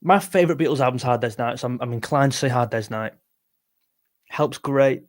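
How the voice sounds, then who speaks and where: A young Englishman hosting a music livestream speaks briskly at a medium pitch. He chats casually and reads viewer comments in a tired voice, rambling and frequently interrupting himself.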